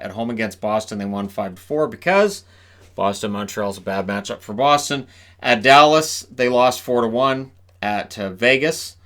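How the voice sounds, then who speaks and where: A man's voice: medium pitch, a bit bright. A man previewing hockey games on his own channel, reeling off scores and stats in a chatty, offhand way with frequent asides. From Canada. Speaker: hockey commentator. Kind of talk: solo game preview talk.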